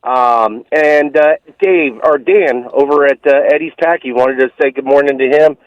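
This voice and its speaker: A man calling a radio show to give shout-outs, chatty and rambling with many fillers. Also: medium pitch, normal speed, clear, resonant tone, no echo. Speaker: caller. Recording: muffled phone line.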